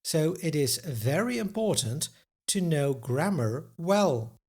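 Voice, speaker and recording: A man's voice: on the high side, big pitch swings, slow, a little mellow, husky. A man teaching a pronunciation lesson, carefully enunciating each example word and then giving its translation. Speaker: Dutch language teacher.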